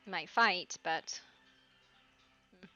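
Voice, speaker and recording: Woman, in-character roleplay, playful, chatty, bright voice. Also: lowish voice, takes it slowly, highs cut off, faint music behind. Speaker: roleplay streamer.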